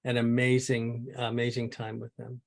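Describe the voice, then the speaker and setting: Male organizer, fry in the voice, plain and informative on a video call. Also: mid-range voice, monotone, moderate pace. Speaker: organizer who records the programs. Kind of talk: casual chat on a video call.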